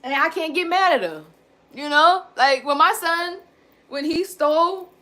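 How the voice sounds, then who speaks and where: A woman in her thirties venting candidly to her viewers, blunt and animated, swearing casually and calling them y'all. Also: very high-pitched, unhurried. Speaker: self-help vlogger.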